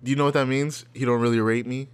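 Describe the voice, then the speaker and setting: A man's voice: mid-range voice, steady tone, fast talker, loud music behind the voice. Profane, laid-back young man joking around. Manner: loose, profane, laughing explainer. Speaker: podcast co-host. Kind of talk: casual chat reacting to music videos.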